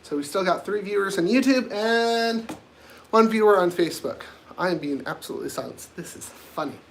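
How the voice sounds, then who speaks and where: A man with a fairly high voice hosts a casual livestream, blunt and rambling. He talks straight to his viewers in a provocative way, with a faint noise underneath. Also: expressive, normal speed, gravelly. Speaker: livestream host.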